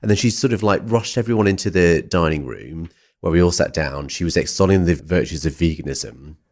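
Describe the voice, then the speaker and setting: A man hosting a podcast, telling a long rambling anecdote in an animated, chatty way. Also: deep voice, a little fast. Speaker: podcast host. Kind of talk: conversational storytelling.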